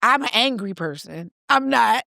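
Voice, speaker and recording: A woman in her thirties co-hosting a casual chat, telling a lively story and acting out the voices. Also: a little high, moderate pace, gravelly, no echo, clean studio sound. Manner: animated storyteller, acts out voices and cries. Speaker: podcast co-host.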